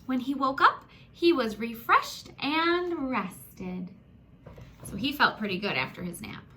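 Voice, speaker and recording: A woman reading a children's picture book aloud, animated and gasping, talking to young listeners as friends. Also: sits high, takes it slowly, slight background noise. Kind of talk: expressive children's story read-aloud.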